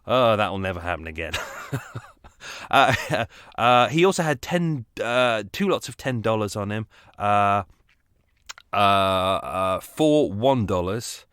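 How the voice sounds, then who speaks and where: Chatty man, low dry voice. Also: expressive, takes it slowly, fairly bright tone, clear, resonant tone, dry recording. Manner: chatty, digressive, laughs at his own asides. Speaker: true-crime podcast host. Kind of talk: casual rambling podcast narration.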